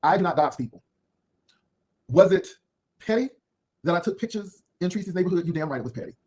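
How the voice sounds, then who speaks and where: A man's voice: sits high, animated, fairly quick, warm tone. A man hosting an unscripted drama commentary video, firing off sassy, cutting put-downs in a rambling way. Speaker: YouTube commentary host.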